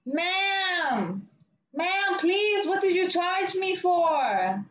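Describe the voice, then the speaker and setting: A woman voicing a dazed, insistent female customer who keeps repeating herself slowly. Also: very high-pitched, very animated, fairly bright tone, pitched above the performer's own voice, full character voice. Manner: slow, confused, repeating herself. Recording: dull, roomy recording.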